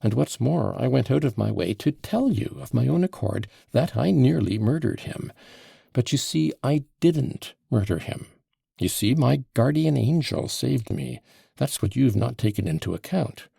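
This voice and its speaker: A man's voice: medium pitch, animated, moderate pace, gravelly, warm tone, slightly rough, no room sound, studio quality, voice pushed up, exaggerated voice. A man voicing an agitated, passionate accused man in an audiobook, with heated, emphatic outbursts. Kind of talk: audiobook character voice.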